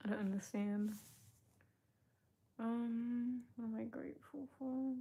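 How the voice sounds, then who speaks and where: A young woman talks slowly and casually to her livestream audience. Her voice is mellow and unhurried, and she reads out comments from chat and answers them with frequent laughs. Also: on the high side, breathy edge. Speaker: livestream host.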